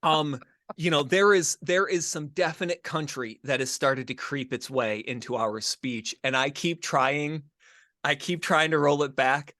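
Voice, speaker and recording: Bright, joking middle-aged man. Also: on the high side, dry recording, clean studio sound. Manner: joking, animated, lots of quick restarts. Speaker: podcast co-host. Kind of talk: casual chat.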